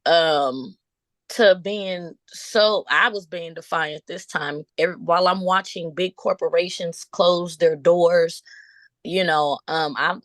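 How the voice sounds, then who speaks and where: A middle-aged woman from Buffalo, New York, a business owner telling her story in a casual interview, with lots of ums and restarts and lively acted-out quotes. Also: lowish voice, no room sound. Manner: animated storyteller, acts out quotes, laughs often; frequent um fillers and restarts.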